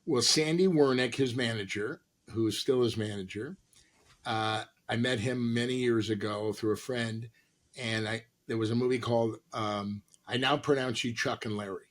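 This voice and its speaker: A middle-aged man from Los Angeles, an actor and comedian, telling animated stories in an interview and acting out the people he quotes. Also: medium pitch, normal speed. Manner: animated anecdotes with acted-out quotes. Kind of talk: storytelling interview.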